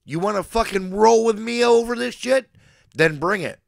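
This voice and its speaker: A man in his forties with a slightly high, gravelly voice, sounding dry and close. He rants to his livestream chat like a mock preacher. He is aggressive and boastful, hurling profane threats, then abruptly declares his love for his regular viewers. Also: moderate pace, no echo. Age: 40s. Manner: swings between threats and affection. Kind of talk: mock-sermon rant to a live chat.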